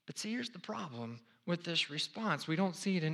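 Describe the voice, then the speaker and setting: A male pastor preaching a sermon, acting out prayers with swings from loud pleading to hushed whispers. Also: high voice, sing-song, moderate pace, vocal fry.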